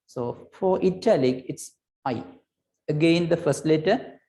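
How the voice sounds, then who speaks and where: A man's voice: fairly high pitch, unhurried, mellow. A man teaching a recorded computer lesson, explaining patiently and repeating himself, often checking in with "right?" and "okay.".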